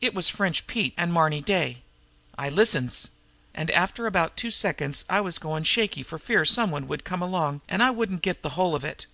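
A man's voice: fairly high pitch, animated, moderate pace, creaky, pushed and bright, no echo, exaggerated voice. A man voicing a complacent street crook who talks in airy, eager slang in a storybook reading. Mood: breezy.

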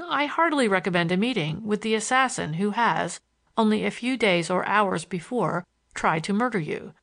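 A woman narrating a first-person novel in a measured, even reading. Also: mid-range voice. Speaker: audiobook narrator.

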